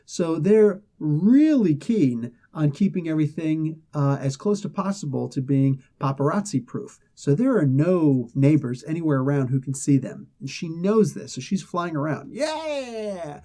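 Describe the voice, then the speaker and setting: A male comic book reviewer with a slightly high, mellow voice talks casually through the story. He stays chatty and animated, tossing in laughs and asides as he goes. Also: moderate pace, few pauses.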